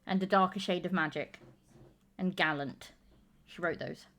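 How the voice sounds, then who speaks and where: A woman's voice: fairly low pitch, steady tone, normal speed. A woman co-hosting a casual chat, talking about her family in a chatty, self-mocking way. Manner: chatty, self-mocking, bursts into loud mock shouting. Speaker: podcast co-host, mother.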